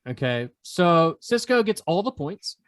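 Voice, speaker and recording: A man's voice: on the high side, big pitch swings, a little slow. A man hosting a podcast quiz segment, teasing the players in a playful, casual way. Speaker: podcast host running a quiz. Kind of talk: casual chat.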